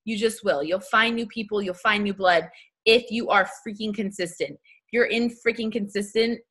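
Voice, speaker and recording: Bright-voiced woman giving a pep talk. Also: medium pitch, moderate pace, breathy edge. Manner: animated, acts out little scenes in quoted voices; blunt and chatty, with casual slang. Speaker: network marketing team leader. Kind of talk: motivational talk to her team.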